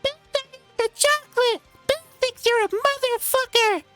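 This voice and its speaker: A man doing an impression of a childish pink male magic creature in a high, squeaky, puppet-like cartoon voice with sing-song gloating. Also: normal speed, sharp tone, soft background music.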